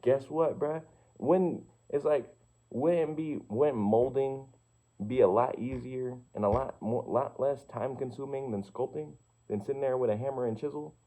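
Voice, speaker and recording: A man's voice: mid-range voice, unhurried, dark tone. A young man talking in a loose, slangy, profane monologue, firing off rhetorical questions and checking in with "you feel me". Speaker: vlogger. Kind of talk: casual rambling monologue. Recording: slightly muffled lo-fi recording.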